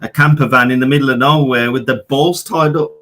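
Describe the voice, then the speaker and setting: Brash, bright-voiced British man calling in. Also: mid-range voice, steady tone, a little fast. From United Kingdom. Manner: brash, swears a lot, says "bro" often. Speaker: caller. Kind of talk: casual call-in chat. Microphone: remote call with a weak connection.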